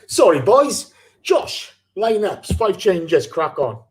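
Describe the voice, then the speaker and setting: Male podcast host, slightly high voice, animated and rambling, sweary. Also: takes it slowly. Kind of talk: live fan podcast chat.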